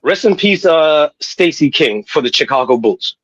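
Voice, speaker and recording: A man talks sports in loose, profane banter. His voice is fairly high and husky, and his pitch swings widely as he gets fired up. The sound is close and dry. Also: moderate pace, no room sound, lo-fi sound. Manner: profane, animated, repeats "know what I mean". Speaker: podcast co-host. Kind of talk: casual sports talk.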